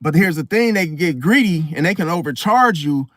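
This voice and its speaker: A man's voice: fairly high pitch, lively intonation, a little fast, fairly bright tone, dry recording, clean studio sound. A man ranting bluntly in a casual monologue as host, swearing and acting out quoted voices. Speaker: astrology channel host.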